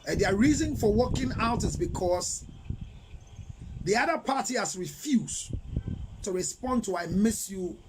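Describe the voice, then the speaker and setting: A man's voice: high voice, animated, measured pace, long pauses, a little hiss or hum. A middle-aged man with a Ghanaian English accent, giving relationship advice on a live stream in an emphatic, lecturing way with rhetorical questions. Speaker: relationship counselor. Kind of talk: live-stream advice talk, reading viewer messages.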